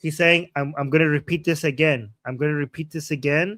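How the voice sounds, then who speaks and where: A man's voice: fairly high pitch, fairly even intonation, fast talker, a bit bright, dry recording. A man on a live stream translating a guest's words into English, thinking aloud with frequent restarts. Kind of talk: live stream commentary and interpretation.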